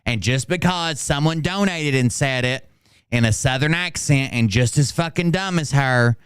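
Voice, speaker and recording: A man comments in a sarcastic, mocking tone over the clips he reacts to. His voice is smooth and close, with almost no room sound. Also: medium pitch, normal speed, fairly bright tone, dry recording. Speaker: commentary host.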